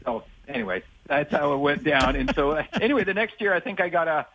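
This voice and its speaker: A man's voice: a little high, a little fast, a bit bright, poor audio. A man from Saskatchewan co-hosting a sports radio show, telling rambling anecdotes full of fillers and restarts. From Saskatchewan, Canada. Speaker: sportscaster co-host. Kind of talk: casual radio chat, storytelling.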